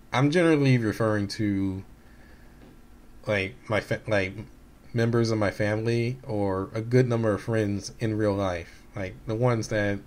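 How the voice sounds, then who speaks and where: Rambling, candid man vlogging. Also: fairly low pitch. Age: late 20s to 30s. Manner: rambling with many restarts and fillers; candid and hurt, recounting quotes in a flat voice. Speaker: gaming YouTuber. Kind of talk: casual personal vlog talk.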